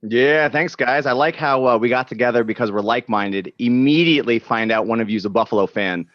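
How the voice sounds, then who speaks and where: A man from New York talks quickly as a guest on a podcast, cracking jokes. He comes through a dry, dull-sounding remote connection. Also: medium pitch, dry recording. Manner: fast, joking, laughing. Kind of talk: casual podcast chat. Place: home studio. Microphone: remote video call.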